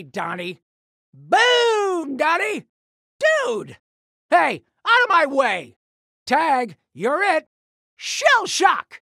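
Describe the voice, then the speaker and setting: A brash, hot-headed teenage turtle ninja, trash-talking with cocky sarcasm in a video game. The voice sits high and bright, and it swoops all over the place while the words come out unhurried. The recording is dry and close. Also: male voice, dry recording, exaggerated voice. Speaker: kart racer character.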